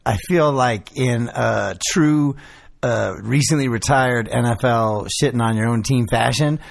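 A man's voice: medium pitch, a little slow, creaky. A man co-hosting a podcast, talking in laid-back, profane, jokey banter. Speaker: podcast co-host.

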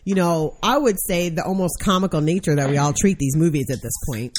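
A woman hosting a podcast in casual chat, talking in an emphatic, animated way. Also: deep voice, a little fast. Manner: animated, emphatic, trails off into hums. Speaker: podcast host.

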